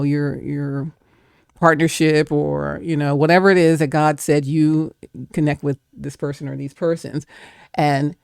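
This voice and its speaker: A woman's voice: low voice, darkish tone, dry recording, clean studio sound. A woman giving an emphatic, preacher-like faith talk, acting out doubting voices. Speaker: guest speaker.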